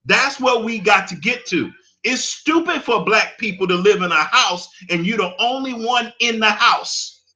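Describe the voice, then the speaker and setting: A male commentator gives an impassioned, preachy monologue, repeating phrases for emphasis and laughing at his own points. His voice sits high and sounds bright and forceful, expressive yet unhurried.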